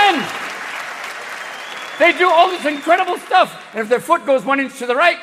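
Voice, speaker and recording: A man in his sixties doing a stand-up comedy routine on a theater stage, manic and profane, leaping into voices and shouted bursts. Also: extremely high pitch, expressive, moderate pace, pauses often, a crowd in the background, noisy background. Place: theater stage with live audience. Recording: reverberant hall, live audience.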